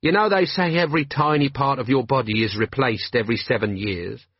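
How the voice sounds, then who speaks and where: A man's voice: medium pitch, brisk, husky, no room sound, highs cut off. A man playing a cheeky, chatty watchman who rambles.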